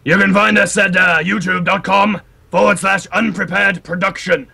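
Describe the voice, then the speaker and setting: A man's voice: high voice, steady tone, moderate pace, creaky, sharp tone, slightly rough. A man doing comedic game commentary, playing a mock-earnest translator who stammers along. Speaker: game caster.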